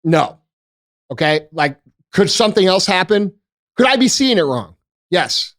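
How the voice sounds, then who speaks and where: An American man hosting a podcast, delivering a forceful, profane rant full of rhetorical questions into a studio mic. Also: high voice, very animated, a little slow, long pauses, dry recording. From United States. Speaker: podcast host. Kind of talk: ranting podcast monologue.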